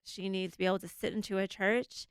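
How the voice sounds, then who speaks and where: A woman guest speaks earnestly in a heartfelt interview, taking her time over each thought. Her voice has a slight gravelly fry, yet it stays smooth and resonant. The sound is dry and close. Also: medium pitch, little pitch movement, fast, no room sound.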